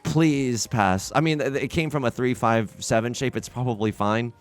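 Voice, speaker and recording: A man's voice: medium pitch, normal speed, faint music behind. A young man casually commenting on his own game play, rambling and self-mocking with frequent restarts. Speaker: let's play host.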